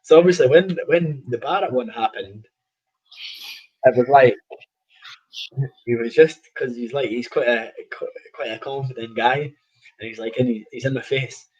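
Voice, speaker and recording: Boxer, rambling, lo-fi call. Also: male voice, mid-range voice, a little mellow, slightly rough. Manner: rambling, restarts, laughs at own stories. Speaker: professional boxer, guest. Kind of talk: casual interview chat.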